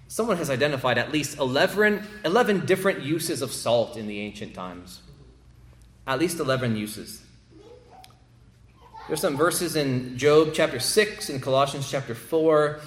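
A male pastor preaches in a mid-range voice, pressing his points with emphasis and repeating words as he builds. The sound carries the echo of a large room. A faint ambient hum sits underneath. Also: mid-range voice. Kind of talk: sermon.

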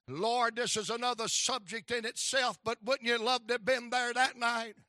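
A preacher with a very high, piercing, bright voice delivers his sermon slowly and deliberately, hammering lines through repetition. He breaks into sudden shouts. The sound is dry and close, with no room echo. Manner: impassioned preaching, rhythmic repetition, bursts of shouting.

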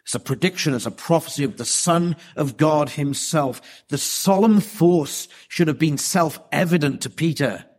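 A man preaching an expository sermon, emphatic and deliberate, with rhetorical questions. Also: on the high side, darkish tone.

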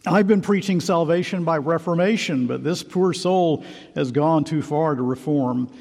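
A man voicing a preacher in a sermon story, gentle and measured as he comforts a dying woman. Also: a little high, creaky. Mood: reflective. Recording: long hall reverb.

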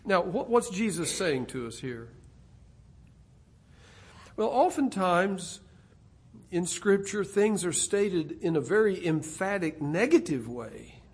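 Slow, deliberate preaching man. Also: high voice, husky. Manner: slow, deliberate, rising to loud emphatic stresses. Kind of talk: expository sermon.

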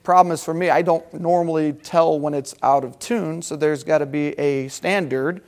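A man preaching a sermon, animated and talking directly with his congregation. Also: on the high side, moderate pace. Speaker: pastor.

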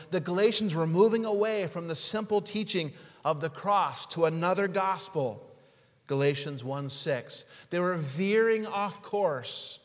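A man preaching a sermon, telling stories and swinging from hushed words to shouting. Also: a little high. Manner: storytelling with illustrations. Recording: long hall reverb.

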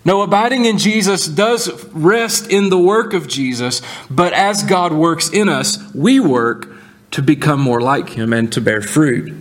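A man delivering a sermon from the pulpit, his voice sitting a little higher than most men's. He preaches earnestly, slowing and leaning on key words to drive each point home. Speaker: pastor.

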